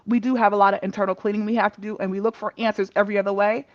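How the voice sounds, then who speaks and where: A woman telling a personal story in a candid casual chat over a video call, animated and laughing often, cursing freely. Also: medium pitch, racing, few pauses, no room sound. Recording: dull muffled lo-fi mic.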